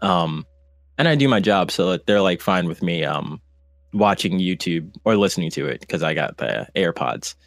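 A man's voice: deep voice, lively intonation, normal speed, dry recording, studio quality. A man speaking as a podcast guest, casual and hesitant, with many fillers and restarts. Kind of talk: casual conversation.

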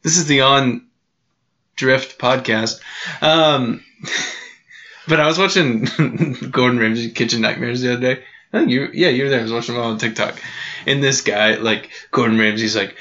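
A man's voice: medium pitch, normal speed, pushed and bright, lo-fi sound. A man hosting a casual podcast chat, laughing often as he tells stories and acts out quotes. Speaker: podcast host.

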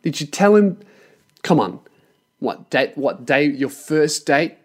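A young Australian man hosting a solo podcast, sweary and loud, putting on mock anger. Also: a little high, expressive, slow. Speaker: podcast host.

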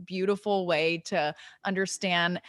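A woman, an actress, telling animated stories as a guest in a casual interview over a video call. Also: fairly low pitch, no echo. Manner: animated storyteller, quick and chatty.

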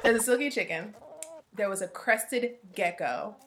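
A woman co-hosting a podcast, telling zoo stories in an animated, laughing way. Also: mid-range voice, a little slow. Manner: animated storyteller, laughing often. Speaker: podcast co-host. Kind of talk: casual chat.

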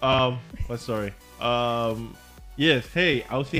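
African man telling animated stories. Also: mid-range voice, slow pace, faint music behind. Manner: animated storyteller acting out other voices. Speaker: co-host gaming while chatting. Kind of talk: casual chat.

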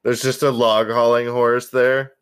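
A man's voice: medium pitch, flat delivery, unhurried, smooth. A man playing in a tabletop game, crude and joking. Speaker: player.

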